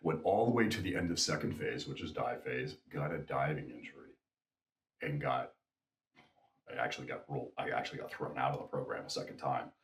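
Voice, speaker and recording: A middle-aged man, a guest, telling stories in a casual, animated way and acting out the quotes. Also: a bass voice, a little fast. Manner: animated storyteller, acts out quotes. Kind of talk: casual storytelling.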